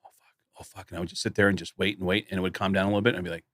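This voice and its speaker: A middle-aged man co-hosting a casual podcast, telling stories in an animated way and acting out the people in them. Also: sits low, very fast, slight background noise. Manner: animated storyteller acting out voices. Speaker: podcast co-host. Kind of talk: casual chat.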